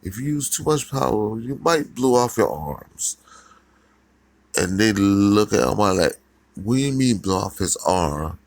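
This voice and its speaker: A man voicing a stern adult male hero mentor who gives instructions with pauses. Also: on the low side, animated, creaky, no echo. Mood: instructive.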